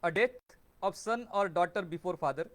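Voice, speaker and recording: High-voiced man explaining calmly. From India. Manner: measured, deliberate, short phrases. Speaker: host of a video series on Indian tradition. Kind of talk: explanatory talk to camera.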